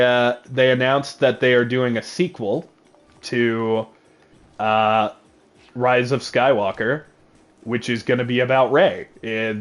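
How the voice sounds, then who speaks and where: A man hosts a casual livestream chat from a home setup, his voice sitting at an ordinary middle pitch. He jokes, rambles and gets excited as he talks into a desk mic. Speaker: streamer.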